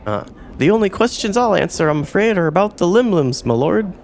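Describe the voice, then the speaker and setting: A man's voice: sits high, sing-song, a little fast, gravelly, darkish tone, a little hiss or hum, voice pushed up, full character voice. A man voicing a sly, fawning male pet merchant in a game who talks in an old-fashioned way.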